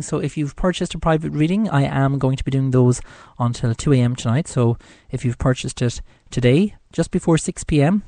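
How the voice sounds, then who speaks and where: Mellow and mid-pitched, this Irish-accented voice belongs to a psychic radio show host chatting alone on his own program. There's no echo, and he rambles along casually, leaning on lots of "you know" fillers.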